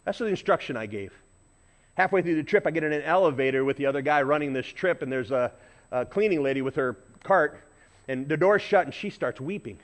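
A pastor preaching a sermon in a conversational way, moving between loud emphasis and quiet intensity. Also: male voice, fairly high pitch, fairly quick. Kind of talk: sermon with storytelling.

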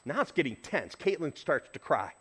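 A middle-aged man, a pastor, preaching a sermon and telling a story, acting out shouts and honks with lively energy. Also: fairly high pitch, normal speed, husky.

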